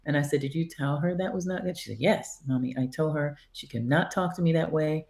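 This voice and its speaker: A woman's voice: low-pitched, fairly quick. A woman guest on a podcast, casually telling a story and acting out the dialogue. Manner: animated, acts out quoted dialogue. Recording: roomy echo.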